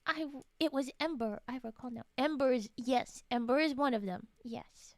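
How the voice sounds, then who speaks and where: A woman live-streaming and chatting casually with her viewers, playfully teasing, talking softly, often murmuring or whispering, and sleepy. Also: high-pitched, moderate pace, no room sound. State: sleepy, yawning. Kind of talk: casual live-stream chat while folding origami.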